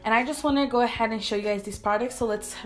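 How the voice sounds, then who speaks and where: A woman's voice: fairly high pitch, quick pace, soft background music. A young woman from California chatting through a casual makeup review vlog in her bedroom, rambling and repeating herself. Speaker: beauty vlogger.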